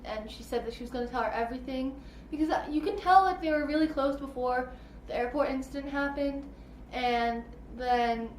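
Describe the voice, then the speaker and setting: A woman's voice: a little high, a little hiss or hum. A woman reviewing a novel in a casual vlog, gushing and filling her sentences with "like" and "I really liked". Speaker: book reviewer. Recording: echoey room.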